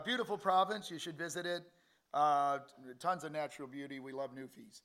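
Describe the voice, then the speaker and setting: A man with a slightly high voice gives a relaxed Bible school talk to a room of listeners. He is chatty and joking, and he rambles through lots of ums and uhs before reaching his point. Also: smooth. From Canada. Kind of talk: informal Bible class talk.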